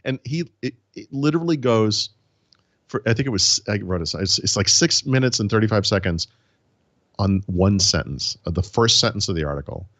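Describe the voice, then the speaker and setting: A man's voice: low voice, brisk, fairly bright tone, dry recording, studio quality. A man co-hosting a casual tech podcast, talking in a rambling way with many false starts and restarts. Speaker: podcast co-host.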